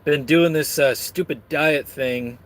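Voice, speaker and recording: A man's voice: a little high, takes it slowly, a bit bright. A man chatting casually on camera while eating and reading out chat, full of crude, rambling, self-mocking jokes. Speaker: streamer reading chat messages.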